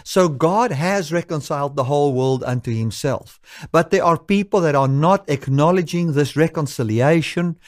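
A man from South Africa preaching a sermon, earnest, slowing down to stress key lines. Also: a little high, no room sound, studio quality.

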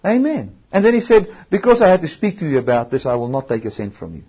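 A man's voice: fairly high pitch, big pitch swings, breathy edge, highs cut off. A man preaching a sermon, stretching out key words for emphasis and often restarting his sentences. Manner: emphatic, drawn-out stresses, frequent restarts.

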